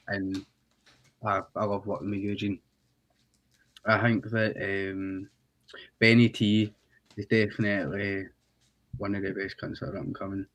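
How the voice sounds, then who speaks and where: A man's voice: fairly low pitch, fairly bright tone, slight background noise, rough recording. A young Scottish man, a rapper guest in a casual interview, laid-back and slangy. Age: young adult.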